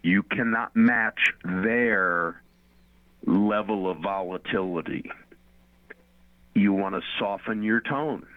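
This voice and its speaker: Speaking slowly with frequent pauses, a man with a fairly low voice teaches earnestly on Christian radio, repeating phrases for emphasis. There's no echo, though the line sounds phone-like, and the tone is conversational faith talk.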